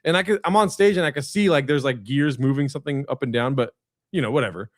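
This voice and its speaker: A man's voice: mid-range voice, quick pace, no echo, studio quality. A man chatting casually on a video call, telling long rambling stories full of fillers and swearing. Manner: rambling anecdotes with frequent fillers and profanity. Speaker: guest comedian. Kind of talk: casual storytelling chat.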